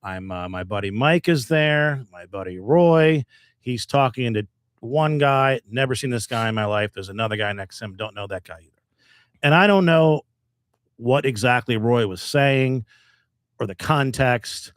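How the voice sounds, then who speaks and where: A man's voice: moderate pace, no echo. Guy on a podcast telling a wild bar story, voice leaps all over, dry close mic. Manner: animated, acts out quotes with big jumps up in pitch. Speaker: podcast co-host. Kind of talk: casual chat, storytelling.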